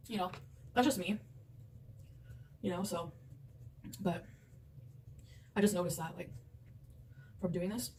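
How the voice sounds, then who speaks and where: A woman's voice: medium pitch, steady tone, a little fast, pauses often, darkish tone. A woman rambling and laughing through casual chat as she eats a big meal at home. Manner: rambling, chatty, laughs often. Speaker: mukbang eater. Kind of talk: casual chat while eating. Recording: distant mic with background noise.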